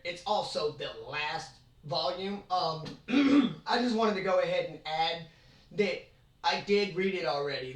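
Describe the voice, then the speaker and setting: A rambling, excitable host talks manga in a casual chat, full of jokes and quick asides. The voice sits in the middle of the pitch range. It is heard from a few steps away in a bedroom that rings with echo. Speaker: channel host. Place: own bedroom. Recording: roomy, from far off.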